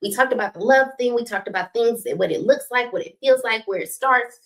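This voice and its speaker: Gravelly-voiced woman giving a preachy relationship talk. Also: on the high side, a little fast, a bit bright. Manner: preachy, repeats key points, asks "right?" often. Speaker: host of a relationship talk stream. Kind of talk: motivational talk with faith references.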